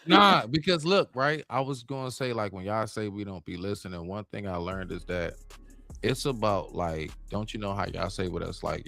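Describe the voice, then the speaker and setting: A man hosting a casual live-stream chat, expressive and emphatic as he makes his points. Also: sits low, gravelly.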